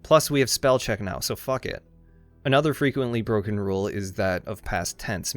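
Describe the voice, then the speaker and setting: A man with a fairly low voice narrates a comedic video essay from a script. His tone is irreverent and sarcastic, and he swears freely. Faint music plays underneath him. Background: faint background music.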